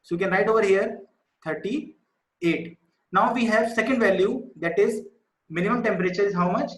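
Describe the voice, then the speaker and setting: A male teacher with a voice that sits high speaks at a normal speed in an echoey room. Over a video call, he patiently explains a maths lesson to his students in an online class, repeating the key numbers.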